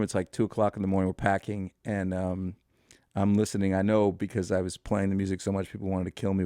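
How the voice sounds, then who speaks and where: A man's voice: sits low, warm tone, dry recording, studio quality. A man in his fifties, a podcast guest, telling a long anecdote in a rambling way, full of fillers and restarts. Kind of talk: storytelling in a podcast interview.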